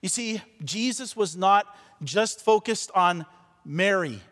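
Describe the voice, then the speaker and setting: A man preaching a sermon as pastor, repeating words as he stumbles, swinging between loud and soft passages. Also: high voice, expressive, slow pace. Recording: long reverb of a large church hall.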